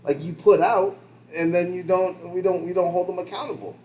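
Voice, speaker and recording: A man's voice: high voice, brisk. A man co-hosting a podcast, chatting casually about politics and telling stories with lots of quoted voices and laughter. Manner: animated storyteller, jumps into quoted voices, laughs often. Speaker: podcast co-host. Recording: roomy with faint background noise.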